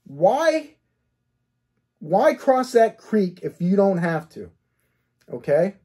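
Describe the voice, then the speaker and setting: Slow and sing-song, a man with a high, mellow, husky voice delivers case analysis commentary as a cold case detective. He moves step by step, questioning himself rhetorically and checking in with "okay?".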